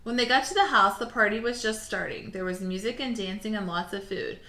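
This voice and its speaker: Encouraging woman teacher, bright and roomy. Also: mid-range voice. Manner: clear, encouraging, slightly halting when speaking freely. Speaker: elementary school teacher. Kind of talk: reading a storybook aloud and giving assignments. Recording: roomy echo.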